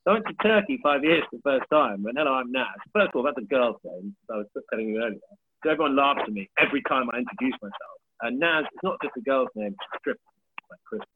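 In his thirties, this comedian guesting on a podcast talks fast and animated in a mid-range voice with a breathy edge, joking about himself and swearing freely in casual chat. There's no room sound, though the line is tinny and phone-like with a faint hiss.

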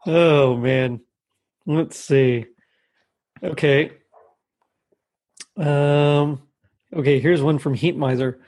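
A man's voice: on the high side, very slow, long pauses, a little mellow. A man chatting casually, laughing often and gushing about favorite cartoon lines. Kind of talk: casual chat.

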